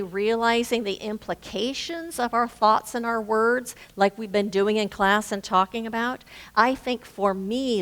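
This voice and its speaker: A woman minister giving a gentle, reflective sermon, slowing down to stress key words. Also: mid-range voice, creaky. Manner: gentle, reflective, with slow emphatic phrasing. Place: spiritual center sanctuary. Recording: reverberant hall.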